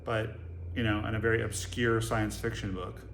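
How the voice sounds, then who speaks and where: Zen teacher in an echoey hall. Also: male voice, fairly low pitch, flat delivery, moderate pace, creaky, a bit bright, a little hiss or hum. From Boston, USA. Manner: casual and joking, asks rhetorical questions. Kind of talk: dharma talk. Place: meditation hall with a live audience. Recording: echoey room, faint ambience.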